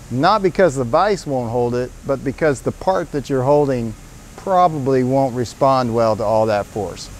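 A man's voice: a little high, a little mellow, a little hiss or hum. A man presenting his company's tool in a casual, upbeat product demonstration with salesman energy, in a workshop.

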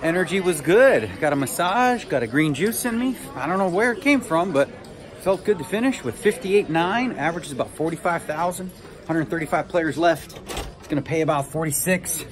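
A man's voice: a little high, expressive, fairly quick, a crowd in the background. A man talking casually to his vlog viewers, loose and chatty, calling them "y'all" and laughing often as he recaps his day. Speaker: poker player vlogging his tournament day. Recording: noisy ambience behind the voice.

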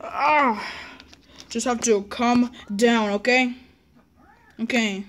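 A woman with a fairly high voice talks slowly and playfully into a phone or laptop microphone, wandering from thought to thought. She keeps repeating herself and tosses in frequent okays as she plays around with a camera app. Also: fairly even intonation, slight background noise. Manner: rambling, playful, repeats itself, often says okay. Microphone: phone or laptop mic.

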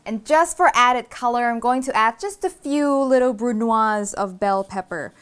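A woman's voice: fairly high pitch, moderate pace, fairly bright tone, clear, resonant tone. A woman hosting a cooking show, walking through a recipe step by step in a casual, upbeat, chatty way.

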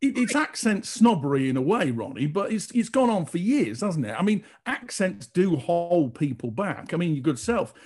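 A man's voice: high-pitched, sing-song, moderate pace, hardly any pauses, darkish tone, breathy edge. A man presenting a radio show, trading jokes in casual banter and chuckling at himself. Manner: jokey, chuckling, self-mocking banter.

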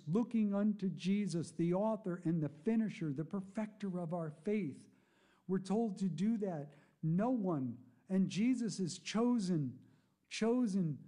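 High-pitched, mellow-voiced male pastor preaching. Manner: impassioned, rises to loud emphatic preaching. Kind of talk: sermon.

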